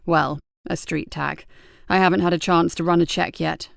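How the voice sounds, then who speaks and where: A woman voicing a weary, steady male police sergeant who talks low and measured. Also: gravelly, no echo, studio quality. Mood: calm.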